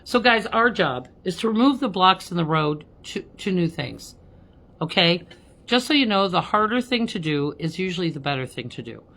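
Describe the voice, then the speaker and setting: A woman's voice: fairly low pitch, big pitch swings, normal speed, fairly bright tone. A woman working as a spiritual medium, chatting on a live stream with viewers, laughing often and ending lines with "okay?".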